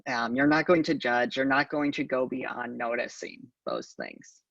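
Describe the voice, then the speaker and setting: A man with a gravelly voice gives a calm, halting conference talk, often pausing with ums. The sound is dry, distant from the microphone and dull, like a lo-fi event recording. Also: mid-range voice, no room sound. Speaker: conference speaker.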